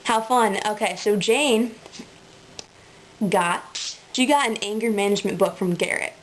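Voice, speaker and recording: A woman's voice: medium pitch, unhurried, rough recording. A woman in a casual, rambling webcam monologue, full of ums and likes, often breaking into giggles. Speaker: vlogger.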